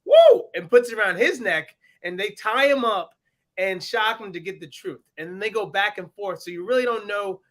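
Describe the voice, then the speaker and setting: A man co-hosting a podcast, recapping a TV episode in casual, animated chat and slipping into voices for the characters. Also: sits high, normal speed. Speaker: podcast co-host.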